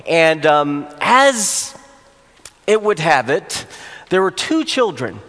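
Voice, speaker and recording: A man, a pastor, telling a humorous personal story during a sermon, animated at the funny moments. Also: a little high, slow. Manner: storytelling, rising to animated exclamations for comic effect. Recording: long hall reverb.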